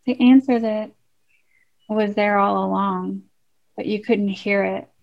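A woman's voice: medium pitch, fairly even intonation, slow pace, creaky, a little mellow. A woman interviewer with a mid-range voice who asks short, probing follow-up questions. Her audio comes through slightly muffled and dull.

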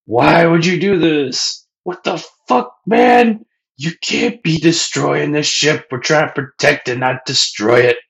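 A man voicing a furious young male cook who shouts and swears in a raised, high-pitched voice. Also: takes it slowly, gravelly, heavily acted. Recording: dull lo-fi audio.

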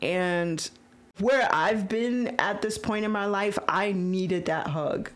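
A woman hosting a podcast, retelling a story in casual chat, excitable and emotional with frequent stammers. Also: medium pitch, slow pace. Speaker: podcast host.

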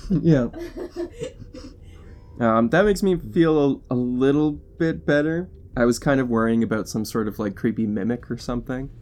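A man's voice: mid-range voice, normal speed, a little mellow. Man, tabletop player, playful, chatty, hesitant, casual.

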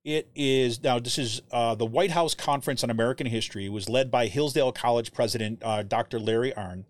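Man, live show host, casual commentary, medium pitch, dry close sound, keeps asking "right?". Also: brisk, no echo. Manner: animated, keeps asking "right?", reads quotes aloud; searches through documents while talking, trails off.

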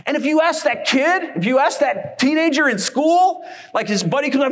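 A male pastor delivering a sermon in a high voice. He tells everyday family stories with lively energy and briefly plays the people in them. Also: normal speed, hardly any pauses. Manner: animated storytelling, acting out family members.

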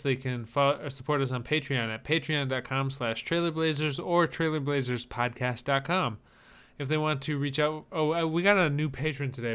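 Smooth-voiced chatty podcast host man. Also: on the high side, fairly bright tone. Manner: chatty, rambling show announcements. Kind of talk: casual podcast banter.

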